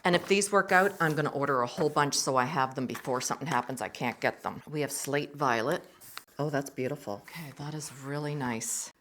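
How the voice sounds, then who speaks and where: A woman's voice: sits low, fairly quick, a bit bright, a little hiss or hum. A middle-aged woman hosting a casual art vlog, chatting with enthusiasm and murmuring to herself as she tests pencils and paint. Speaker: art channel host.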